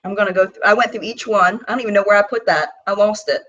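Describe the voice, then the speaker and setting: A woman hosting a casual live-stream about makeup, talking in a chatty, animated way with bursts of mock disbelief as she swatches products. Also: medium pitch, quick pace, distant mic, dull audio. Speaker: beauty vlogger hosting a live chat.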